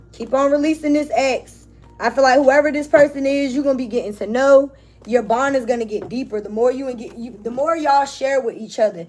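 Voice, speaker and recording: A woman's voice: on the high side, darkish tone, slight background noise. Emphatic woman tarot reader. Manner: emphatic, casual, talks straight to viewers. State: tearful, on the verge of crying. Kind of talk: spiritual tarot reading to viewers.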